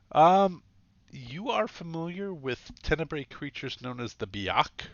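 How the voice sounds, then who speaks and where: A man narrating a tabletop game as game master, rambling and correcting himself as he goes, with a quick laugh. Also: mid-range voice, no echo, highs cut off.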